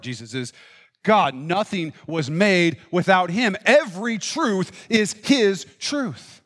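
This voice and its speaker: A man preaching a sermon with passion, swinging between loud declarations and hushed, intimate lines. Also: fairly high pitch. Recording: long hall reverb.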